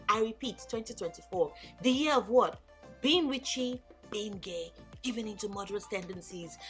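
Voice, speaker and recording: A woman chatting casually in a vlog, animated and gushing, swearing freely. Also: mid-range voice. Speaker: book YouTuber. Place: home in Lagos.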